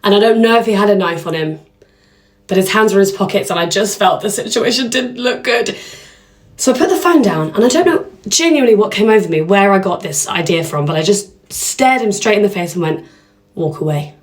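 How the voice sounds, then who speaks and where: A young woman, chatting and telling stories to the camera in a lively way. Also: medium pitch, brisk. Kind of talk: casual storytelling to camera.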